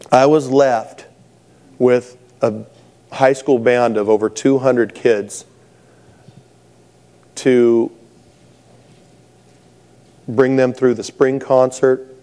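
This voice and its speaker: A man's voice: mid-range voice, warm tone. A middle-aged man preaching a sermon, telling stories with humor and laughing at his own jokes. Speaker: pastor.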